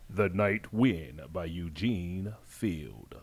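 A man on a radio show, bantering and reading a poem aloud in a playful, drawn-out way. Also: medium pitch, big pitch swings. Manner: playful, draws out words for spooky effect. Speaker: radio co-host.

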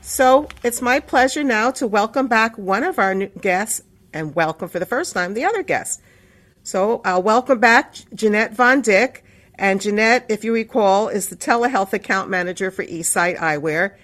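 A woman hosting a radio show in a loose, rambling way, with frequent laughs. She sounds winded and a bit out of breath. Her voice sits at a middle pitch. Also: expressive, moderate pace, fairly bright tone. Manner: chatty, rambling, laughs often. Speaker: radio talk show host. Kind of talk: casual on-air chat.

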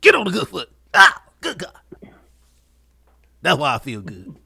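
A man doing a playful impression of a funk soul singer, shouting exclamations. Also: sits high, wildly swooping pitch, unhurried, creaky, breathy edge, full character voice. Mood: exuberant. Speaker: engineer and producer.

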